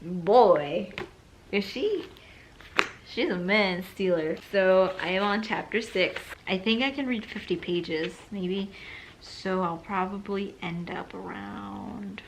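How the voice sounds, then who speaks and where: A woman's voice: mid-range voice, slow pace, vocal fry, noisy background. A young woman chatting casually in a reading vlog from her bedroom, rambling and saying "like" a lot. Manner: chatty, rambling, fills speech with "like". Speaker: book vlogger.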